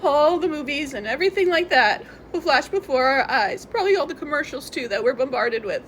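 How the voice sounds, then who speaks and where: A woman's voice: sits high, animated, a little fast, fairly bright tone, a little hiss or hum. A woman vlogger talking in a rambling, emotional confessional monologue, tearful and congested, sometimes laughing through her tears.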